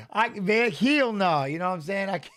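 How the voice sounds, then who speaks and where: A middle-aged man with a fairly high voice chats loosely over a live fight stream. He laughs a lot and trips over his words, then switches to quick, excited coaching calls like a corner man. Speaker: watch-along host, former fighter. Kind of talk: casual live watch-along chat and fight commentary.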